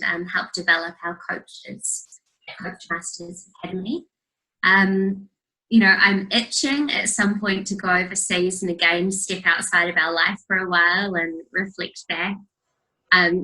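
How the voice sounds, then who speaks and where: Young nz woman, bright forceful voice, lowish, earnest motivational coach talk w/ lots of fillers. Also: poor audio. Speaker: guest, master coach. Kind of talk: casual interview chat over video call.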